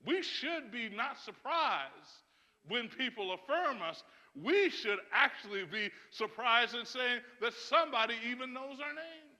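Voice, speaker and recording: A man preaching a sermon as pastor, emphatic and often laughing, building to loud, rising calls. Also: extremely high pitch, lively intonation, unhurried. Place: church sanctuary. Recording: church sanctuary with long reverb.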